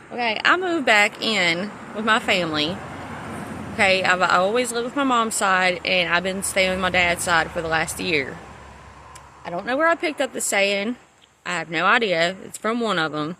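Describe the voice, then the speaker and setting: A woman's voice: on the low side, pushed and bright, a little hiss or hum. A woman telling a rambling personal story to camera, swearing freely and stopping to restart her sentences. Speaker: vlogger. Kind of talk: casual storytelling.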